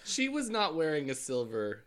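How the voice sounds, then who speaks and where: A man's voice: a little high, huge pitch swings, moderate pace. A young man co-hosting a podcast in casual chat, throwing out dry, teasing quips. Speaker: podcast co-host.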